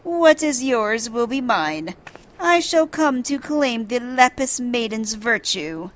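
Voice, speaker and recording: A woman voicing a haughty, condescending male inspector from a video game, reading his lines slowly and grandly. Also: a little high, lively intonation.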